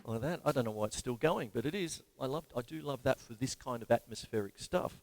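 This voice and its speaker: A man's voice: mid-range voice, expressive, brisk, no room sound. An Australian man giving a live-streamed drum lesson in a chatty, digressive way, often laughing at himself. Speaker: drum teacher.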